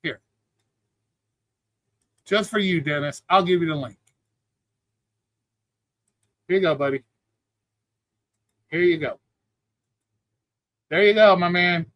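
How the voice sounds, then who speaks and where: A man hosting a live stream argues in a blunt, profane, lecturing way during a heated exchange. His high, slightly bright voice moves at a measured pace broken by long pauses, and there's no room sound.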